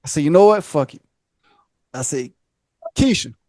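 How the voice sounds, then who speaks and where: A man on a podcast tells a long personal story in loose slang. His pitch swings all over the place as he acts out other people. The sound is close and dry, with no room echo. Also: moderate pace. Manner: animated, slangy, jumps into high voices to act out others. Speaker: podcast host. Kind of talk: casual storytelling. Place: podcast studio.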